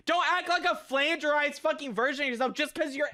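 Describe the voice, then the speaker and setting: A young man streaming a reaction video, ranting with lots of swearing and frequent shouting. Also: extremely high pitch, a little fast, few pauses. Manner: loud, profane, frequently shouting.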